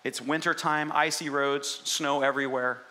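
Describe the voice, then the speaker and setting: A man pastor preaching a sermon in an animated, conversational way, often asking the congregation questions. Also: medium pitch, normal speed.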